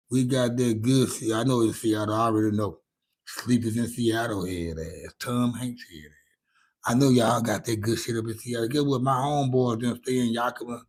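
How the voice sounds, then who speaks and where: A man's voice: mid-range voice, breathy edge. A middle-aged man with a Louisiana accent, chatting casually with his stream audience in a laid-back, rambling, profane way. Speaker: livestream host answering chat. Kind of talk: casual chat.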